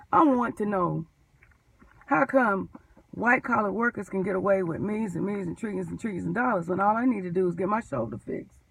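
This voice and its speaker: A woman, a postal mail handler, telling her story in an animated, emphatic vlog rant. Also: mid-range voice, gravelly, far from the mic, a little hiss or hum, low-quality recording.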